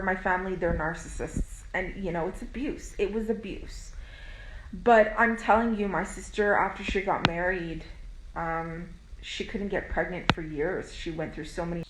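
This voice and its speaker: Candid rambling woman, low voice. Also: reverberant, slight background noise, rough recording. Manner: candid, rambling, emphatic, swears freely. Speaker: spiritual content creator. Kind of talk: casual direct-to-camera monologue.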